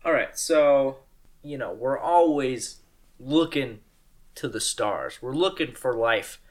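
Animated, laughing young man co-host. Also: mid-range voice, slow. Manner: laughs often, playful and animated. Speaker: podcast co-host. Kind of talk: casual chat.

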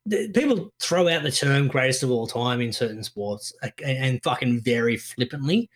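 A man co-hosting a podcast tells stories in casual conversation, swearing freely and narrating in an animated way. His voice is medium-pitched and he speaks at normal speed.

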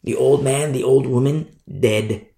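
A man preaching a sermon as pastor, emphatic, repeating key phrases and swinging between loud declarations and hushed asides. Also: medium pitch, a little slow, vocal fry, echoey room.

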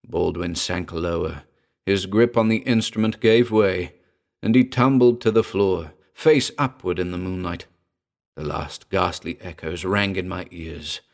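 A man with a very deep voice reads a first-person horror story aloud. His tone is grave and measured, with a gravelly texture running through his low notes. He paces the tale slowly and keeps it dark and serious. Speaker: narrator. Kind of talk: dramatic horror story reading.

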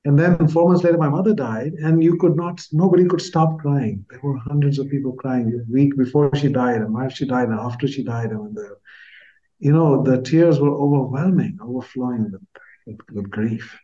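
Earnest older man from India, dark voice. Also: mid-range voice, moderate pace, dull audio. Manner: earnest, heartfelt, trails off softly at phrase ends. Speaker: guest author. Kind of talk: reflective personal storytelling.

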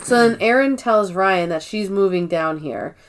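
A woman co-hosting a podcast, recapping episodes in casual, animated chat and acting out lines. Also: mid-range voice. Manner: quick, animated storytelling with acted-out quotes. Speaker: podcast co-host.

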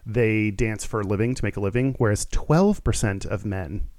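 A man's voice: fairly low pitch, moderate pace, a little mellow, dry recording. A man from Houston co-hosting a casual podcast, rambling with lots of fillers and self-mocking asides. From Houston, Texas. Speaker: podcast co-host. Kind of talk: casual chat.

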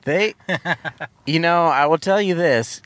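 A man's voice: a little high, takes it slowly, fairly bright tone, smooth, dry recording. A man hosting a movie podcast in casual chat, joking and laughing often as he talks. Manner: jokey, laughs often, trails off. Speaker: podcast host.

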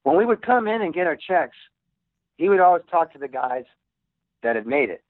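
A man's voice: fairly high pitch, very animated, normal speed, dry recording. A man who plays rock music, telling stories in a casual interview, rambling with many restarts. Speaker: musician guest. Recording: tinny phone line.

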